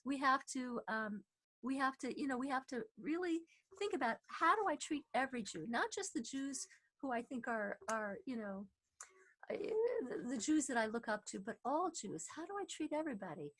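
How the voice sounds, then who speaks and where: A woman's voice: high-pitched, expressive, moderate pace, fairly bright tone. A woman teaching an online class over a video call, chatty and full of fillers and restarts.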